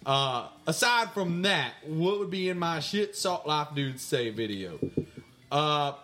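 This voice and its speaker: A man's voice: on the high side, very animated, slow, bright, forceful tone, heavily acted. A man playing a brash mailbag persona, answering fan questions in a rambling, mock-indignant way on a comedy podcast. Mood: swaggering. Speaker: podcast co-host. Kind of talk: comic mailbag segment.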